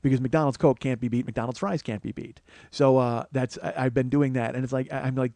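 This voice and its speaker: A man hosting a podcast, telling a comic story full of swearing, growing louder and more animated as it goes. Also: medium pitch, a little fast, no room sound. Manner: profane, animated, rising to shouting as the story builds. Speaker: podcast host.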